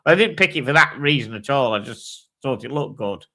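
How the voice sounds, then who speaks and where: A man hosting a casual live chat with a bright, forceful voice. He thinks aloud, swears freely and reads specs and prices in an easy, offhand way. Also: mid-range voice, animated, a little fast. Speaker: host.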